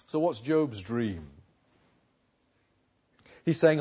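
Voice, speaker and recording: A man's voice: medium pitch, huge pitch swings, unhurried, long pauses, warm tone, husky, lo-fi sound. A man preaching a sermon, reading scripture verses aloud and then explaining them in a conversational way.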